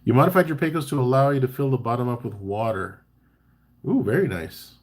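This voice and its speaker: A man hosting a casual live-stream chat. He talks in a relaxed, chatty way, reads out viewer comments and gives tips between bits of banter. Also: mid-range voice, a little fast. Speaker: barbecue caterer and live chat host.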